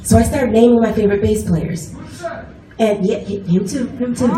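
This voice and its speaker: A woman bass player telling a story to a concert audience from the stage, laughing often as she talks, recorded from far off in an echoey venue with the crowd behind her. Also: slow pace. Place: live music venue on stage.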